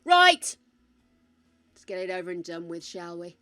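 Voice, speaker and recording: A woman's voice: on the low side, completely flat delivery, fast. An older British woman streaming a game, chatting casually with her viewers, calling them darling and swearing freely. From United Kingdom. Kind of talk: casual live-stream chat.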